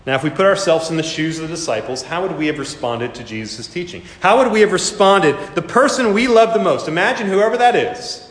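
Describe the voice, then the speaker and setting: A man's voice: fairly high pitch, lively intonation, brisk, few pauses. A man preaching a sermon as pastor, emphatic, repeating key phrases and asking rhetorical questions. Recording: echoey hall with long reverb.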